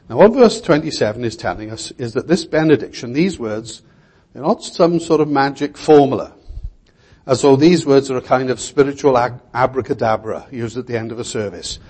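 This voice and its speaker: A man's voice: mid-range voice, darkish tone, breathy edge. An older man preaching a sermon in an earnest, emphatic way, repeating key words.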